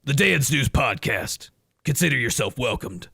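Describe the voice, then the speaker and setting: A man's voice: medium pitch, big pitch swings, gravelly, bright, forceful tone, breathy edge, heavily acted. A man voicing a goofy, over-the-top male podcast announcer who drags out repeated welcomes in a silly voice for a comedic intro. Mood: hammy. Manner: drawn-out, repetitive welcomes in a silly voice.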